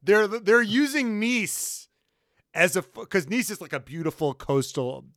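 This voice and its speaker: A young American man co-hosting a casual, profane podcast chat, excitable and fond of mock impressions. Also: high voice, measured pace, no room sound, clean studio sound. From United States. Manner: excitable, swears a lot, mock-posh impressions. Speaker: podcast co-host.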